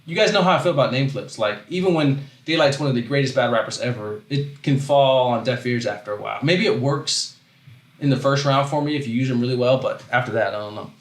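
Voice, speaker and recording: A man's voice: mid-range voice, fast. Man, livestream host, casual rambling talk, self-interrupting, reads chat, roomy echo.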